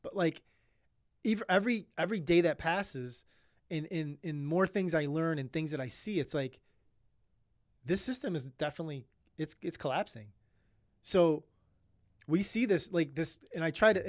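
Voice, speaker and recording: A man's voice: on the high side, moderate pace, no echo, clean studio sound. A young man co-hosting a podcast, talking in an earnest, rambling way with many restarts, emotional about his topic. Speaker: podcast co-host. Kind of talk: casual podcast chat.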